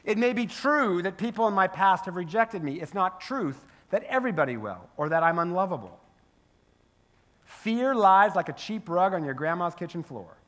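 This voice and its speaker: High-voiced man preaching a sermon. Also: moderate pace. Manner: storytelling, animated, asks the crowd "right?". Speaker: pastor. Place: church sanctuary.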